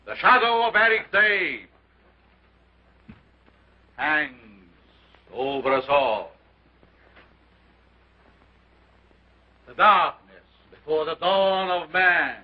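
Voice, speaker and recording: Doctor Miracle, a grandiose mad scientist. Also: male voice, fairly high pitch, expressive, slow, long pauses. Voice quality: theatrical, commanding, pompous. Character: sinister male scientist, grandiose carnival lecturer. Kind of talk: 1930s film acting. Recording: dull 1930s film soundtrack.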